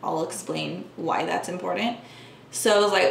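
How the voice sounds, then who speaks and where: A woman's voice: fairly low pitch, steady tone, moderate pace, creaky. A woman vlogger earnestly telling her personal story to the camera, speaking casually with lots of "like" fillers. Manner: earnest, talks with frequent "like" fillers. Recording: echoey room with faint background hum.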